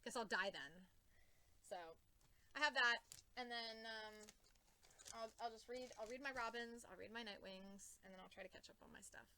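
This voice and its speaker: Woman comics vlogger: bright, keyed-up tone, higher voice, rambling and sweary. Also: normal speed, slight background noise, rough recording. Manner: excitable and gushing, swears a lot, many fillers. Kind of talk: casual rambling chat.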